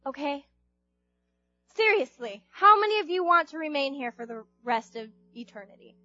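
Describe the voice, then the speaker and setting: High bright young woman preaching casually. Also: sing-song, moderate pace, muffled recording, soft background music. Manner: chatty, acts out Bible characters in voices. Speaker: youth group speaker. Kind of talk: casual youth sermon.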